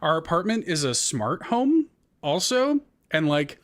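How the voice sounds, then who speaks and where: A man's voice: on the high side, big pitch swings, measured pace. A man co-hosting a casual gaming podcast, rambling with fillers and restarts. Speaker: podcast co-host. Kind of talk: casual chat.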